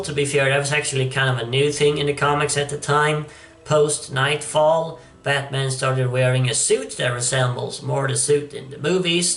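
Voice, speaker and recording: A man's voice: on the high side, vocal fry, bright, forceful tone. A man giving casual, wry commentary on a comic book, chuckling as he goes. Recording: echoey room, distant mic.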